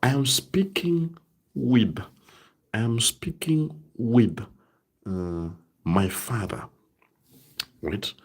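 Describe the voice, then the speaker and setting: Slow husky man teaching German live. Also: medium pitch, sing-song. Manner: slow, drawn-out example sentences, frequent "right?" checks. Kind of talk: live online language lesson.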